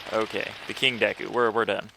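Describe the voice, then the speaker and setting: A man's voice: fairly low pitch, little pitch movement, fairly quick, creaky, sharp tone, slight background noise. A young man giving casual, crude, joking commentary while playing a video game. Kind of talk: let's play commentary.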